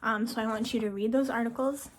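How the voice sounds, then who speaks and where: A woman's voice: a little high, steady tone, fast. A woman French teacher going over the week's assignments in a casual recorded announcement, with frequent ums and firm reminders.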